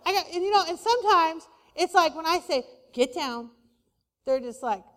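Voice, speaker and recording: High-voiced woman preaching in a reverberant hall. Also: brisk. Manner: energetic, conversational, playful asides. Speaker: pastor. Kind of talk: sermon.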